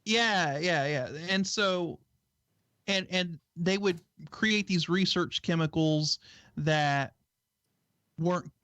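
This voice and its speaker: A man's voice: high-pitched, takes it slowly, a bit bright, dry recording. A man co-hosting a casual talk stream, explaining earnestly with lots of "you know" and "right?". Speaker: co-host. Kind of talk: casual chat.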